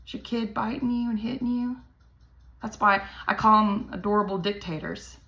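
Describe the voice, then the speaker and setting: A worn-out woman in her thirties talks straight to camera in a candid vlog. Her voice is bright and forward, and she swears freely, cracking dark jokes to cope. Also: medium pitch, steady tone, normal speed. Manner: profane, darkly humorous, venting. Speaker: parent vlogger.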